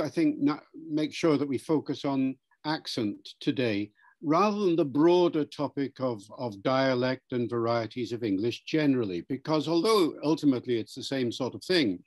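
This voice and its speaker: Measured man explaining like a lecturer. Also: medium pitch, darkish tone. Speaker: interviewed language expert. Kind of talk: explanatory interview answer.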